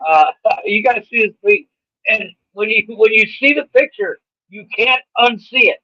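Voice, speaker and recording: A high-voiced man co-hosts a comedy podcast with sarcastic banter. His voice comes through a dull, lo-fi mic that takes the sparkle out of it. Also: expressive, normal speed, bright, forceful tone. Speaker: podcast co-host. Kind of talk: casual comedy podcast chat.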